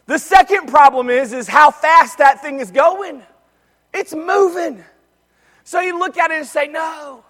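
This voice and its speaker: A man preaching a sermon, telling a family story and swinging between loud, excited lines and hushed ones. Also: extremely high pitch, measured pace, long reverb tail. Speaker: pastor.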